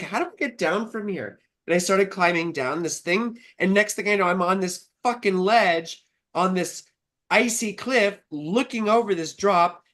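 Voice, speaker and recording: A young adult woman hosting a live astrology stream, chatting casually and telling stories with lots of swearing. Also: fairly low pitch. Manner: profane, chatty, animated storytelling. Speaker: astrologer host.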